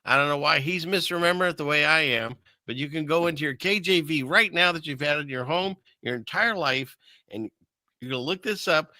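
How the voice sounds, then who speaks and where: A livestream host with a slightly high, bright, forceful male voice reads Bible verses aloud and rambles casually about scripture and conspiracies. There's no room sound in the recording.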